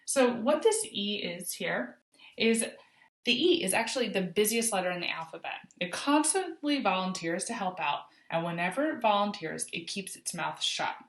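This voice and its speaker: A woman teaching a phonics lesson to young children, modeling sounds slowly and clearly for them to echo back. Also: medium pitch, sing-song. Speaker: kindergarten teacher. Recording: roomy echo.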